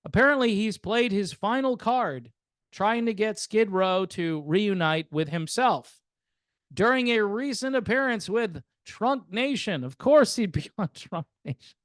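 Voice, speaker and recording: A man's voice: high voice, expressive, a little slow, no echo, clean studio sound. An older man hosting a music channel, giving casual, rambling commentary in a sardonic, chatty way with plenty of fillers.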